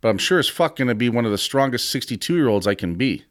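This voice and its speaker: This fifties-aged gym owner hosts a casual podcast, talking candidly about training and confidence and dropping some swear words. He speaks at a quick pace in an animated mid-range voice, captured in echo-free studio quality.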